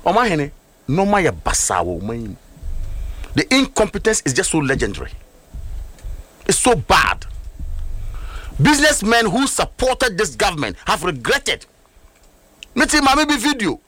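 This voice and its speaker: Animated Ghanaian man ranting. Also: sits high, a little slow, pauses often. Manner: animated, emphatic, mixes English with Twi. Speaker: political commentator. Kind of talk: heated political talk show debate.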